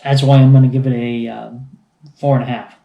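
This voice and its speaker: A man co-reviewing beer in casual chat, halting and often restarting his sentences. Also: medium pitch, flat delivery, gravelly, dull audio. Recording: echoey room.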